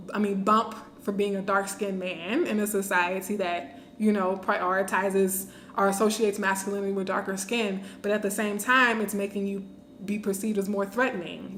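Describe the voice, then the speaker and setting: A woman hosting a live-streamed talk, animated, laughing often and reading viewer comments aloud. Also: medium pitch, roomy sound, slight background noise. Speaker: host.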